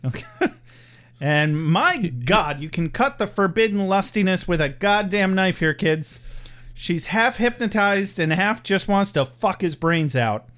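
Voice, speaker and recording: High, animated joking man. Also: measured pace. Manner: joking, profane, laughs often. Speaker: podcast co-host. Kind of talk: casual chat.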